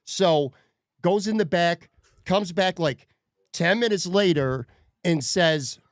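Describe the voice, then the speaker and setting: A man's voice: sits high, slow pace, long pauses, dry recording, studio quality. A man hosting a podcast, telling a story in a profane, worked-up way. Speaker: podcast host. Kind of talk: casual podcast rant.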